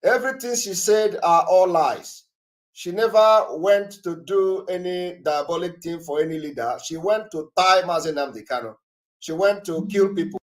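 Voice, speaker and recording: Male call-in host, fairly high voice, emphatic, repeats points, lots of fillers. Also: moderate pace. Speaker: broadcast host taking callers. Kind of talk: live call-in broadcast.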